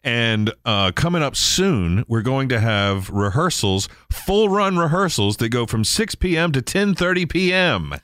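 A man's voice: medium pitch, very animated, a little slow, hardly any pauses, fairly bright tone, no room sound, studio quality. A middle-aged man hosting a radio show, chatting casually and telling stories. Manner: chatty, storytelling.

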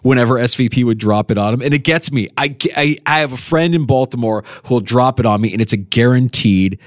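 A male sports radio host talking easygoing and chatty, looping back and restarting as he goes. His voice sits in a middle pitch and sounds close and dry, with no room around it. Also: brisk, no room sound. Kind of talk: casual sports radio chat. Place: radio studio.

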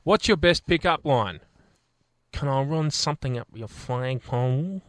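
A man's voice: medium pitch, animated, a little slow, fairly bright tone, no room sound, clean studio sound. A man with an Australian accent hosting a radio show, bantering playfully and reading out quiz questions. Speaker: radio host.

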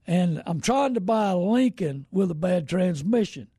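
A man's voice: sits high, expressive, moderate pace, mellow, husky, dry recording, studio quality. A middle-aged man, hosting a car-buying show in a casual, rambling, folksy way and greeting viewers by name. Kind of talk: casual live-stream talk.

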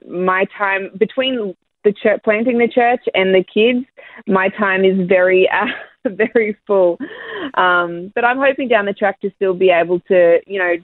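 A woman's voice: medium pitch, dry recording. A young Australian woman, a church planter, speaking as a guest in a radio interview, candid and cheeky, laughing often. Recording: dry tinny phone line.

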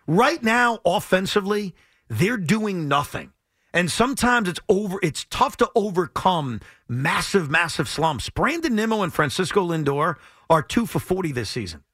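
Animated, high-voiced sports radio man. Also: normal speed, dry recording, studio quality. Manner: animated, exasperated, emphatic repetition. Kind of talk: heated sports talk.

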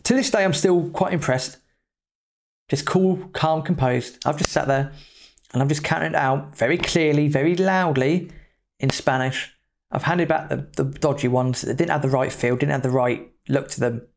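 A man with a slightly high, creaky voice tells a travel story as a podcast host. He speaks at a moderate pace, loose and chatty, throwing in the odd mild swear word.

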